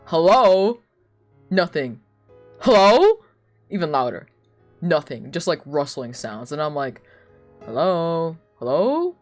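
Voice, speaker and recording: A young woman streamer telling casual stories, animated and laughing often, with lots of "like.". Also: low-pitched. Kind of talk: casual storytelling chat.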